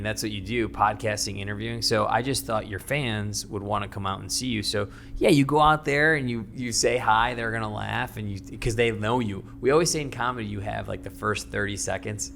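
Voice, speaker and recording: A man's voice: lowish voice, gravelly, a bit bright, a little hiss or hum. A man, a stand-up comedian guest on a podcast, rambling through a story and laughing as he tells it. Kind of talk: casual podcast chat.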